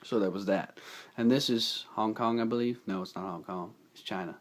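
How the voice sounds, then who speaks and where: A man casually recapping a movie plot, rambling and excitable, his voice a bit rough from feeling unwell. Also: on the low side, normal speed. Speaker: movie reviewer. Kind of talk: casual spoken film recap.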